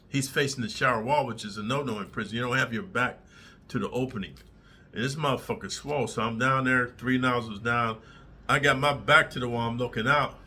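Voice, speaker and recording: Blunt, profane man with a bright, tense voice. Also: mid-range voice. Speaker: storyteller, former prisoner. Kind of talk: casual storytelling to camera.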